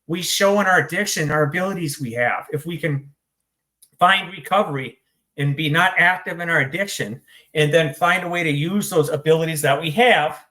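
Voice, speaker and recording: A man with a somewhat high-pitched voice talks as an interview guest, blunt and full of swearing. His delivery is hyper and rapid-fire, like candid storytelling. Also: bright, forceful tone. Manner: blunt and profane.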